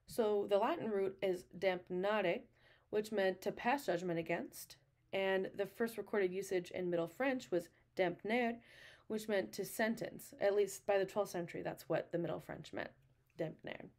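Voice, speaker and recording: A woman's voice: medium pitch, normal speed, darkish tone. A woman giving a casual recorded lecture over slides, chatty and amused, often breaking into laughs.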